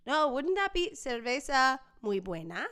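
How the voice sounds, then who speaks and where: A woman's voice: high voice, sing-song, unhurried, pushed and bright, clean tone. A woman hosting a casual live stream, chatting with viewers and reading their comments, laughing often. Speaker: singer.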